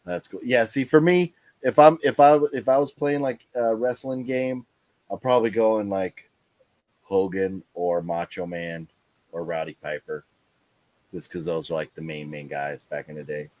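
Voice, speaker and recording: A man's voice: low voice, fairly even intonation, moderate pace, darkish tone, no echo. A tired man hosting a casual live stream, talking in a rambling way with lots of fillers and restarts. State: tired, yawning.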